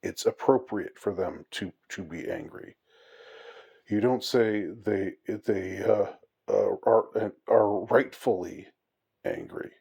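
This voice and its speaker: A man's voice: lowish voice, animated, slow, vocal fry, darkish tone, slightly rough. A man giving a rambling, mock-outraged monologue with many fillers and restarts. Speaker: commentator on English usage. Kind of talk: casual monologue.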